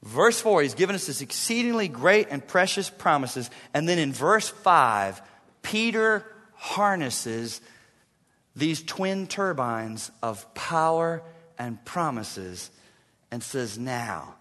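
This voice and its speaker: High bright-voiced preacher guy, punchy sermon, big hall reverb. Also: big pitch swings, measured pace. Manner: emphatic, swings between soft and loud. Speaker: pastor.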